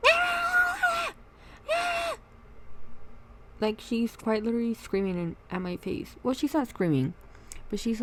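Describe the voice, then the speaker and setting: A woman's voice: medium pitch, gravelly, slight background noise. A young woman chatting while she does her makeup, telling an indignant storytime about friends at work. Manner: animated, indignant venting. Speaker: vlogger. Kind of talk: get-ready-with-me storytime chat. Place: at home doing makeup.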